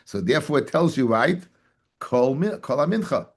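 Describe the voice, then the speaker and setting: A male rabbi leads a daily Talmud class in a husky voice at a middle pitch. He keeps quizzing his listeners with rhetorical questions and repeats phrases for emphasis. He calls them "guys" and mixes Hebrew and Yiddish terms into his English. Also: sing-song, normal speed.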